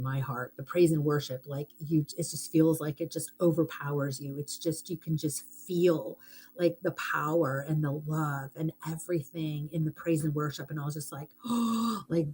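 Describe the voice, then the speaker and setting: A woman's voice: sits low, fairly even intonation, normal speed, a little mellow, slight background noise. A middle-aged woman hosting a live stream, chatting casually and heartfeltly, rambling a little and thanking viewers for gifts.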